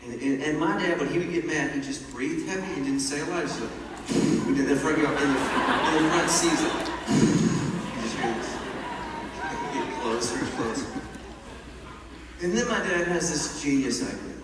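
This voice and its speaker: Man, animated storyteller, a bit high, distant hall recording. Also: moderate pace, pauses often, very noisy. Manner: animated, chatty, laughing at his own story. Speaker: storyteller speaking to an audience. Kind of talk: lively storytelling. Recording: echoey hall from far off, loud ambience.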